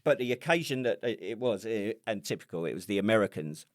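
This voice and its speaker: British man, low voice, dry close sound, sweary laughing army stories, podcast co-host. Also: expressive, fast, no room sound. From United Kingdom. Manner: sweary storytelling, laughing often. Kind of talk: casual chat.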